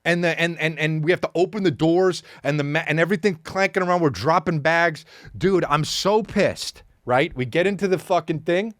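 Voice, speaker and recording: A man in his thirties, a podcast host, telling a comedic story in a profane, animated rant full of repeated words and sound effects. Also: on the high side, normal speed, dry recording, clean studio sound. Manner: acts out sounds and quotes.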